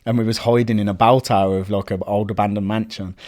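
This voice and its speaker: A man, a guest telling casual, animated stories and acting out the voices of people he quotes. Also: fairly low pitch, fast. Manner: animated, acts out quoted voices, frequent swearing. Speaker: urban explorer guest. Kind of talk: casual storytelling chat.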